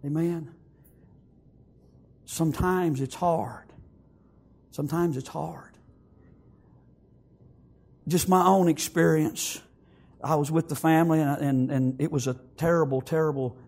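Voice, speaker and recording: A man preaching an emotional funeral sermon in a church, repeating himself and halting, then swelling into tearful, emphatic exclamations. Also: fairly high pitch, steady tone, a little mellow. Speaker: pastor at a memorial service. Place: church sanctuary.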